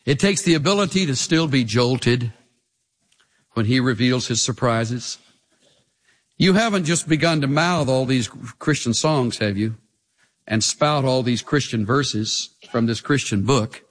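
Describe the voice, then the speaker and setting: A man preaching a sermon as pastor, animated and asking the congregation rhetorical questions. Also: medium pitch, big-room sound.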